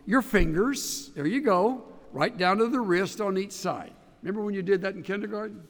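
A man teaching a Bible study class, emphatic and animated, walking his listeners through each step. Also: high voice, moderate pace, few pauses, in a large hall.

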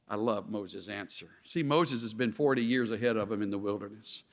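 A man preaching a sermon in an animated way, acting out the voices he quotes with sarcasm. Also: on the low side, fairly quick, few pauses, in a large hall.

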